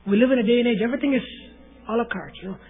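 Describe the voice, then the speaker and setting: High-voiced man preaching a sermon. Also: rapid-fire, husky, soft background music. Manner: repeats key phrases, drops to a hush for emphasis. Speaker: pastor. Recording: tinny phone-like sound with faint hum.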